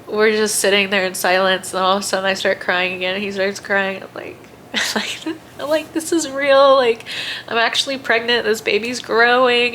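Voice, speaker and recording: A woman's voice: mid-range voice, pushed and bright, slight background noise. A young woman chatting casually in a personal vlog, gushing and laughing often, with many fillers. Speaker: vlogger.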